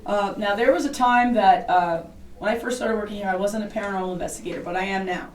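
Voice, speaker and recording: A woman's voice: medium pitch, quick pace. A talkative woman leads a tour, spinning stories and cracking jokes. Her voice fills a roomy old building and sits a few steps away from the mic, over a faint background hum. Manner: chatty, jokey storyteller. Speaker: tour guide. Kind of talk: guided tour talk. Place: inside an old historic building. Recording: roomy, distant camera mic.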